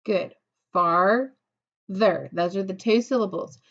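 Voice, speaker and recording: A woman's voice: medium pitch, a little slow. A woman teaching a phonics lesson to second graders, patient and encouraging, drawing out words. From United States. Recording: dull lo-fi recording.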